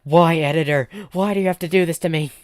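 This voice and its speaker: A man's voice: fairly high pitch, expressive, normal speed, a little mellow, husky, no room sound, clean studio sound, pitched above the performer's own voice. A man voicing a hapless speaker-headed agent who whines and complains. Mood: whiny. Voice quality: whiny, complaining.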